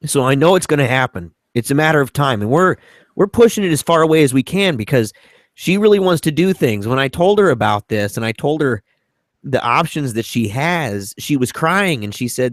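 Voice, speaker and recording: A man co-hosting a talk show, speaking earnestly and haltingly about a hard family matter, at times tearful. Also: medium pitch, lively intonation, no room sound, studio quality. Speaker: co-host. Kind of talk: emotional personal talk on a podcast.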